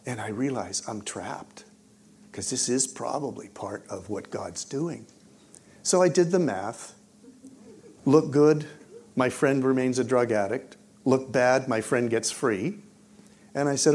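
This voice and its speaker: A man preaching and telling his own story, swinging between hushed moments and loud, excited bursts. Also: medium pitch, takes it slowly, breathy edge. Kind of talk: testimony storytelling in a sermon.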